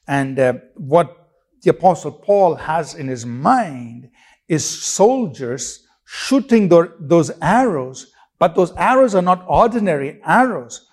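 Delivering a sermon, a man speaks emphatically in a somewhat high voice. Repeated phrases and a stream of rhetorical questions mark his preaching, and he sometimes starts a sentence over partway through.

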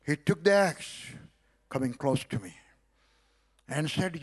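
A man's voice: a little high, lively intonation, slow, breathy edge. A middle-aged man from South India with an Indian accent, telling a story as a sermon and acting out the dialogue. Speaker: preacher. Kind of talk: sermon testimony.

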